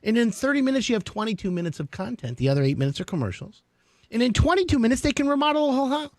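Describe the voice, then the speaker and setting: A male radio host with a fairly high, very lively voice that bounces up and down as he chats. He jumps between excited asides and mock grumbling. The sound is dry and close, with no room echo. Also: racing.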